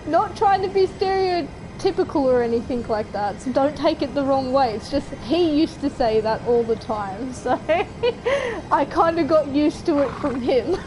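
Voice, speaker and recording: A woman's voice: high-pitched, animated, a little slow, noisy background. A woman with an Australian accent chatting casually while streaming a game, rambling with fillers and giggles. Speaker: gaming streamer. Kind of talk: casual chat while gaming.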